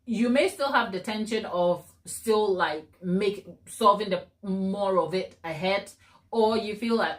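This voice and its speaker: A woman hosting a baking live stream, chatting warmly and encouragingly with her viewers and laughing often. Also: medium pitch, lively intonation, normal speed. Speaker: cake baking channel host.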